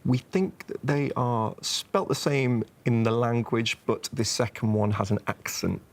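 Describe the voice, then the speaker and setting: A woman's voice: rumbling low, a little slow. A woman quiz contestant talking through clues with her team, upbeat and chatty. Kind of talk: casual team discussion. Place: TV studio.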